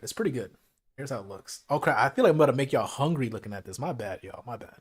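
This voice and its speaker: A man's voice: mid-range voice, fast, husky. A man hosting a casual late-night livestream from home, chatting in loose slang while eating, through a streaming mic with a noise gate. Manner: relaxed slangy chat, talking while eating. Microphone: streaming mic with noise gate and filters.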